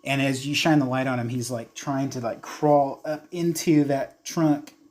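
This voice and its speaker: Unhurried game master narrating horror. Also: male voice, mid-range voice, fairly even intonation, a little mellow, slight background noise. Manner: descriptive, unhurried storytelling with fillers.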